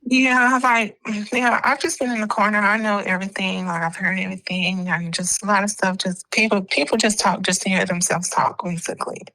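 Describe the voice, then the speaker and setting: A woman's voice: mid-range voice, flat delivery, brisk, hardly any pauses, sharp tone, low-quality recording. A woman answering interview questions in a hesitant, casual way, full of fillers. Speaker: interview guest. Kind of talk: casual chat.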